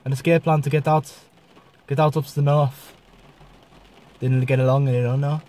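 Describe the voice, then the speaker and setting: A man voicing a worried Norwegian man in a put-on Norwegian accent, speaking haltingly. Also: mid-range voice, flat delivery, warm tone, natural voice.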